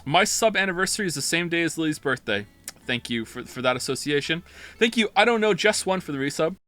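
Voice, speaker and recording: Male streamer, rambling casual chat, bright, slightly high voice. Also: lively intonation, quick pace, soft background music. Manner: rambling, self-interrupting, reading chat aloud. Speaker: live streamer playing a game. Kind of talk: casual live-stream commentary.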